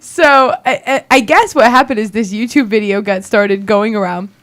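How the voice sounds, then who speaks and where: A woman's voice: medium pitch, normal speed, fairly bright tone. A young woman co-hosting a casual political talk show, telling a news story while laughing through it.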